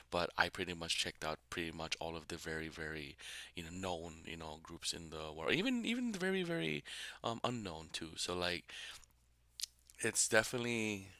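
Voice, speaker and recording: Man, reaction host, deep bright voice, rambling and emotional, dry close sound. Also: dry recording. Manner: emotional, rambling with many fillers. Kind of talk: casual reaction commentary.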